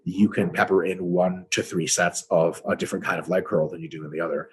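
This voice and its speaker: Husky low-voiced man explaining bluntly. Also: little pitch movement, fairly quick. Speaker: co-host answering fitness questions. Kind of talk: casual webinar Q&A.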